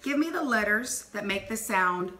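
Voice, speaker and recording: Woman, phonics teacher, bright tone, clear encouraging delivery, roomy echo. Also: mid-range voice, animated. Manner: clear, encouraging, sounds out letters slowly. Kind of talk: phonics dictation lesson. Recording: echoey room with faint noise.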